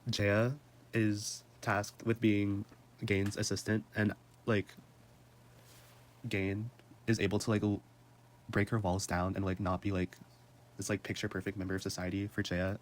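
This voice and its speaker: Slangy, animated young man. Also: fairly low pitch, moderate pace. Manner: animated and slangy, laughs mid-sentence. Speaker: presenter. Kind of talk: casual comedic chat.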